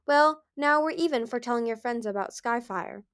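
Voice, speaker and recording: A woman voicing a charming, proud, smooth-talking ancient male dragon in a storybook reading. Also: on the high side, fairly quick, no echo, clean studio sound, voice pushed up, close to an everyday voice.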